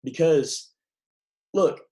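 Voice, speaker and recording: A man's voice: fairly high pitch, very slow, dark tone, rough recording. A young man giving a devotional sermon in a casual, emphatic way, with many restarts. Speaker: preacher.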